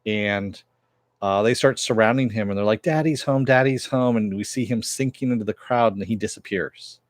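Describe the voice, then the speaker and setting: Low-voiced man rambling through a recap. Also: fairly even intonation, normal speed, dry recording. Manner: rambling, filler-heavy retelling. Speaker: TV episode reviewer. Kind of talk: casual recap and review.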